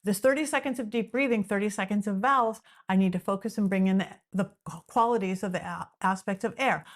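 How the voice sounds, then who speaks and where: A middle-aged woman from Southern California, a psychic medium guest on a podcast, explaining in an animated casual way with frequent restarts. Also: mid-range voice, brisk.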